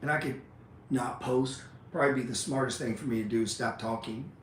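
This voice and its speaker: A blunt, profane man hosts a trading show and gives an unscripted motivational talk, ending sentence after sentence with "man." His voice sits at an ordinary middle pitch. The room is echoey, with a faint hum of ambient noise behind him. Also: fairly quick.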